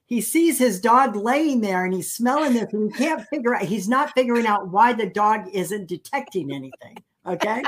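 Brief: middle-aged woman host with an expressive, moving pitch and a chatty storytelling manner. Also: moderate pace, hardly any pauses, a little hiss or hum. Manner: animated storyteller, laughs easily. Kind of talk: casual chat.

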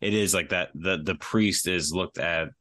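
A man's voice: sits low, normal speed, bright, forceful tone, dry recording, clean studio sound. A man guesting on a podcast, talking earnestly and restarting his words often. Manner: earnest, repeats words as he talks. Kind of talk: casual film discussion.

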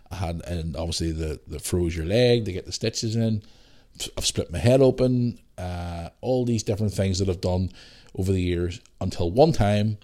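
A man in his thirties with a Northern Irish accent, telling stories animatedly on his podcast. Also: sits low. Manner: animated storyteller, swears mildly, acts out voices in anecdotes. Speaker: podcast host. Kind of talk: casual storytelling monologue.

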